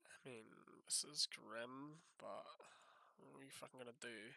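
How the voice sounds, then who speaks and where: A man's voice: medium pitch, measured pace, creaky, no room sound. A man commentating his own live poker session, exasperated and swearing, swinging from outbursts to muttering to himself. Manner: animated outbursts that drop to muttering.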